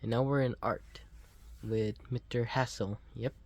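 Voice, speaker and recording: A man's voice: medium pitch, fairly even intonation, measured pace, a little mellow. A young man casually commentating a video game, rambling and hesitant with frequent restarts. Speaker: let's play host.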